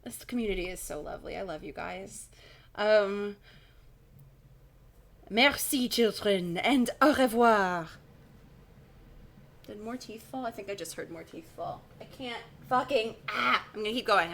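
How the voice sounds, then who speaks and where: A woman's voice: medium pitch, a little fast, creaky, fairly bright tone. Casual woman streamer reading aloud. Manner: casual, swears, laughs at own slips. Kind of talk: live-stream read-aloud with chatty asides.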